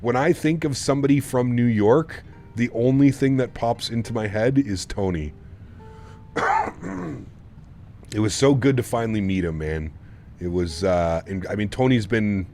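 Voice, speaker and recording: With a mellow, lowish voice and slight background noise, a man talks casually to his stream viewers while piloting a flight sim at his home setup. His chatter rambles, and laughter comes often.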